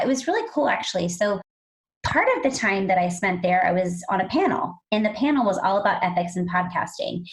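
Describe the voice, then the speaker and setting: Animated woman podcast co-host. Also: low-quality recording. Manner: animated storyteller, acts out quotes in a high excited voice. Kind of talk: casual podcast chat.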